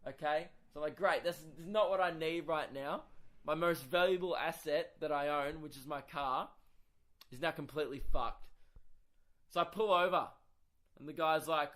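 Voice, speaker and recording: A young Australian man, a comedian hosting his own podcast, tells a story in an exasperated, profane, animated rant. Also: fairly high pitch, brisk. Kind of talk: casual comic storytelling monologue.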